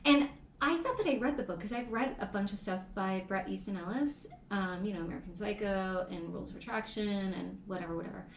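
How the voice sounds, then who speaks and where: A middle-aged woman co-hosting a podcast in casual chat, full of quick reactions and heated asides. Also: mid-range voice, echoey room, slight background noise. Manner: reactive, gasps and quick interjections, heated when ranting. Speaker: podcast co-host.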